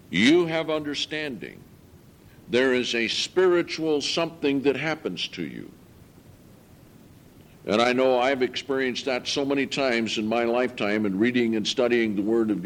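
A man preaching a sermon to his congregation, earnest and emphatic, reading scripture slowly and lifting his voice on key points. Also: medium pitch. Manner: slow, deliberate scripture reading.

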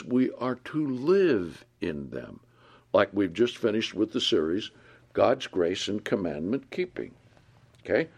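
A man teaching a Bible sermon, reading scripture aloud with slow emphasis and putting questions to his listeners. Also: medium pitch, darkish tone. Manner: asks the listeners questions and answers them. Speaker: preacher.

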